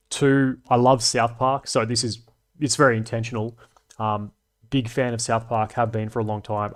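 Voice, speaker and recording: A man, a streamer and animator, casually rambling and reading chat comments with plenty of swearing. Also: medium pitch. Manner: relaxed, profane, rambling and chatty.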